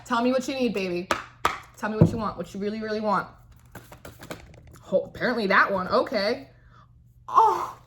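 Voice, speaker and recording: A woman's voice: medium pitch, expressive, normal speed, pauses often, noisy background. A young woman giving a casual, chatty tarot reading, often checking in with "right?" and laughing. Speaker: tarot reader.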